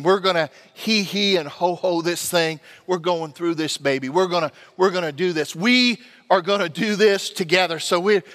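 Male pastor, animated storyteller, self-mocking sermon, ringing sanctuary sound. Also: high-pitched, big-room sound.

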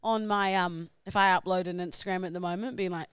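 A woman's voice: on the low side, fairly even intonation, fairly quick, smooth, dry recording. A young woman, co-hosting a podcast in casual chat, giggly and gushing. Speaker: podcast co-host.

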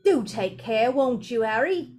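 A bustling, motherly witch, put on by a woman fusses over everyone and calls across to them. Her voice rides high and loud, well above the reader's own. She always sounds busy and in a hurry. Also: lively intonation, unhurried, soft background music. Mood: fussing. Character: fussing motherly middle-aged witch.

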